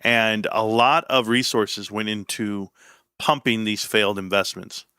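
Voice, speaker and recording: A man's voice: lowish voice, fairly even intonation, measured pace, pushed and bright, clear, resonant tone, no room sound, studio quality. A man hosting a casual livestream, rambling and joking irreverently as he talks. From United States. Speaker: livestream host. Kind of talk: casual stream commentary.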